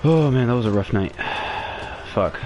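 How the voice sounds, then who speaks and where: A man's voice: medium pitch, lively intonation, moderate pace, dark tone, lo-fi sound, soft background music. A young man telling a long personal story on a podcast in a rambling, profane way, full of restarts and fillers. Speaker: podcast host. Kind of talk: casual storytelling.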